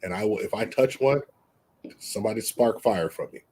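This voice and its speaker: Speaking at a moderate pace, the man has a fairly low, slightly mellow voice with some breathiness. He co-hosts a casual interview chat on a video call, has family roots in Texas, and talks in emphatic, rambling bursts that keep restarting.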